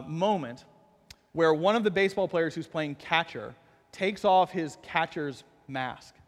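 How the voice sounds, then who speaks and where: Male pastor, middle-aged, high-pitched, storytelling sermon, big reverberant room. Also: fairly bright tone. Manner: storytelling, self-deprecating humor, builds to fervent intensity.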